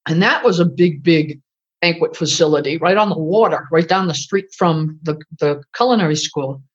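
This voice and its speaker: Older woman, lively storyteller. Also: low-pitched, moderate pace, husky. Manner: animated storyteller acting out dialogue. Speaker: retired culinary instructor. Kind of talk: oral history interview. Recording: dull lo-fi recording.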